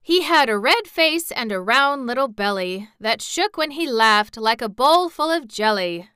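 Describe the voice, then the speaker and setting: Merry storybook gnome king, male, pleasant and jolly, bright clear tone, by a woman. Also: a little high, expressive, measured pace, dry recording, studio quality, pitched above the performer's own voice.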